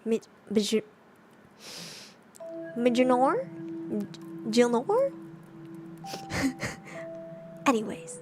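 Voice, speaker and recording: A young woman reads a horror story aloud in a soft, hushed semi-ASMR voice, pitched a little high. She breaks off now and then for giggly asides. Faint music plays behind her. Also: moderate pace. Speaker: streamer reading horror stories.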